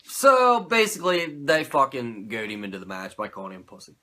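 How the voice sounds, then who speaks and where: A man hosting a podcast, recapping an old wrestling show in a profane, animated, rambling way. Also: medium pitch, brisk. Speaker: podcast host.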